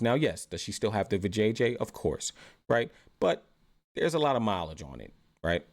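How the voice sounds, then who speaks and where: Male commentary host, low voice, loose rambling rant full of "right?". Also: expressive, normal speed. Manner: rambling, repeats "right?" often. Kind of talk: reaction commentary.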